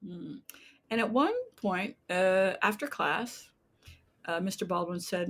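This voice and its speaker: A woman in her sixties from the United States, a playwright telling animated stories in an interview and acting out voices as she goes. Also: on the low side, takes it slowly. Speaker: playwright guest. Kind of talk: interview storytelling.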